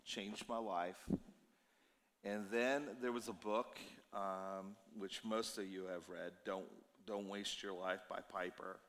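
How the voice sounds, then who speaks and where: A man in his fifties preaches in a low voice, sounding tired as he talks. He tells his stories in a loose, conversational way and gets animated in places. His voice rings with the long reverb of a church hall. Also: slow pace. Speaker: pastor. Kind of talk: sermon.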